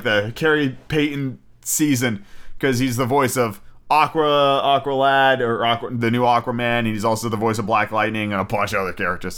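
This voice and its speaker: A man's voice: mid-range voice, fairly bright tone, clear, resonant tone. A young man hosting a casual solo podcast, chatty and freely swearing, often restarting his sentences. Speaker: podcast host.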